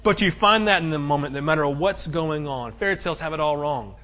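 A brisk male pastor with a fairly high voice delivers a sermon in emphatic surges, climbing to loud, high-pitched peaks. He tells stories animatedly and keeps tossing in "right?" asides. The recording is dull, muffled and lo-fi.

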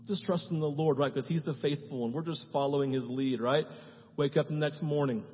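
A man preaching a sermon as pastor, swinging from hushed tones to loud, fervent prayer and often asking the audience "right?". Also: on the high side, fairly even intonation, fairly quick, a little hiss or hum. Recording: dull, echoey church hall.

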